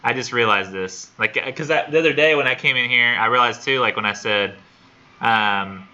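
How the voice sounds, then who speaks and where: A man's voice: mid-range voice, moderate pace, sharp tone, muffled recording. A man teaching a college literature class in a casual, rambling, self-deprecating way, in a classroom on a camera mic. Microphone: classroom computer camera for remote students.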